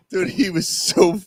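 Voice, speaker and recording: A man with a high, husky voice co-hosts a crude, casual sports podcast from a bar or pub studio, with no echo. He tells stories animatedly, swearing a lot and performing screams.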